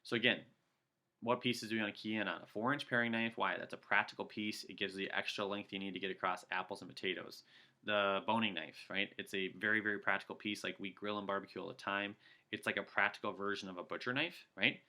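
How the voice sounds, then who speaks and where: A man giving an energetic sales training talk, coaching his listeners and acting out customer pitches. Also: fast. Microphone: video call.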